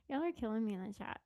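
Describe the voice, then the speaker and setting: A young woman from the Southern United States chats casually on a live stream in a Southern American accent, her fairly high voice warm in a dry, clean studio recording. She's giggly and chatty, often dropping into whispered asides.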